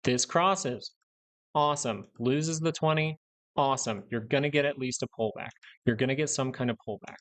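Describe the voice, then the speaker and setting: A man's voice: medium pitch, moderate pace, fairly bright tone. A young man hosting a live stock market stream, ranting bluntly and repeating points for emphasis. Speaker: stock market livestream host.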